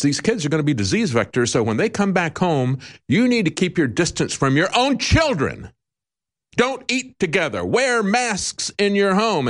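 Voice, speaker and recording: A male talk show host giving emphatic, indignant commentary with sarcastic asides. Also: medium pitch.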